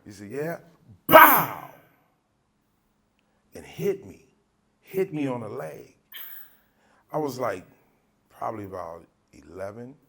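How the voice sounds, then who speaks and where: A man's voice: on the low side, sing-song, measured pace, creaky, pauses often, a little mellow, breathy edge. A man from Southern California hosting a podcast, telling stories in a casual, profane way and acting out the people in them. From Altadena, Southern California. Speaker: podcast host. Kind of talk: casual storytelling chat.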